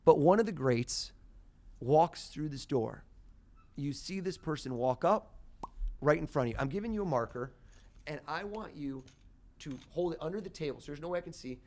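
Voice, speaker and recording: Man, mentalist guest, theatrical, punches up to loud reveals, raised pitch. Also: moderate pace, long pauses. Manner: theatrical, rising to loud excited bursts. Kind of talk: live mind-reading performance.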